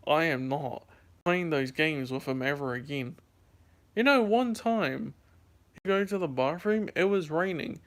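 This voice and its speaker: Young male vlogger, tired, higher-pitched, rambling casual storyteller. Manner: rambling, many fillers and restarts. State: sleepy.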